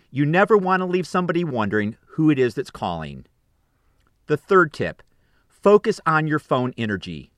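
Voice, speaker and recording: A man giving scripted, upbeat coaching tips on phone manners in an instructive, measured delivery. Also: a little high, sing-song, fairly bright tone, no room sound, clean studio sound.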